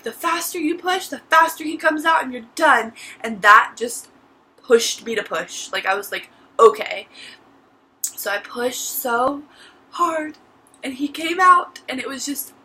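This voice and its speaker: Teen girl vlogging to camera, bright voice a bit high, chatty, says like and literally constantly. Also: rough recording. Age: teens. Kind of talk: casual storytelling vlog.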